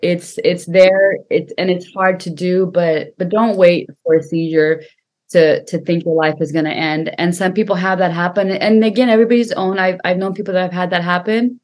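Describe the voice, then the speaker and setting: A woman's voice: on the low side, fairly even intonation, normal speed, a little mellow. A woman talking as a podcast guest and healer, telling her story earnestly, often repeating herself for emphasis. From Punjabi family. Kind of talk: casual conversation.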